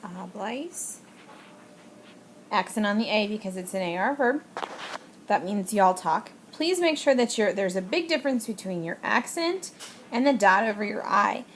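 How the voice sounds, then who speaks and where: A woman's voice: mid-range voice, expressive, moderate pace, a little hiss or hum. Patient woman teaching a video lesson. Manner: patient, explains step by step with frequent fillers. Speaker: Spanish teacher.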